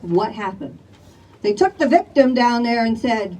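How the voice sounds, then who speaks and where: A woman's voice: medium pitch, animated, a little slow, warm tone, distant mic, faint music behind, poor audio. An older woman from Chicago, speaking emphatically to a crowd at an outdoor community rally. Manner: emphatic, rallies the crowd with "all right?". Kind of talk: impassioned public testimony.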